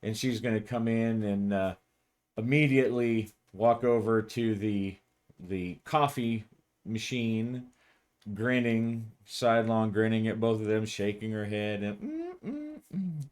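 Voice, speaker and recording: Narrating a solo tabletop RPG, a man speaks in a steady, slightly mellow, low-leaning voice without hurrying. He is casual and rambling, chuckling often and restarting frequently.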